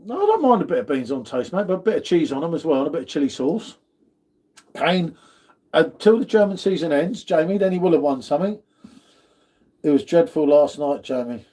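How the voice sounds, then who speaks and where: A man's voice: a little high, warm tone. A man hosting a casual livestream, reading out viewer comments and greeting viewers in a chatty way, calling everyone "mate". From United Kingdom. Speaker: livestream host.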